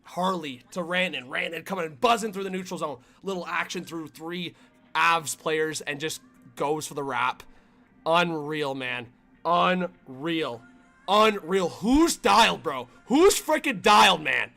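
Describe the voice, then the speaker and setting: A man hosting a livestream and calling the game play by play as a fan. He talks in a casual, slangy way to his chat and breaks into excited shouts on big plays. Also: fairly high pitch, unhurried, gravelly, soft background music. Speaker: livestream host.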